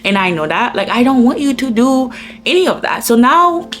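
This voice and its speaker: A woman's voice: on the high side, sing-song, moderate pace, fairly bright tone, faint music behind, pitched above the performer's own voice. A woman voicing an earnest male protector spirit of a sword who speaks in a solemn, insistent way.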